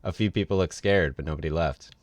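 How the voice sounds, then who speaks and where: A man reads a novel aloud for a livestream, in an easy, casual way with offhand asides. His voice sits very low. The sound is close and dry. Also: brisk, dry recording. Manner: casual read with ad-libbed asides. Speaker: reader.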